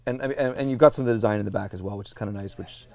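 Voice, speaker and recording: A man's voice: lowish voice, very fast, vocal fry, darkish tone. A man hosting an interview podcast, chatty, often restarting his sentences. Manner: chatty, reads quotes aloud with restarts. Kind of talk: casual interview chat.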